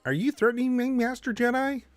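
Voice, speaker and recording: A man voicing a nasal, high-pitched frog puppet as a comic impression on a live stream, with a strained falsetto tone. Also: fairly even intonation, brisk, no echo. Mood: scheming.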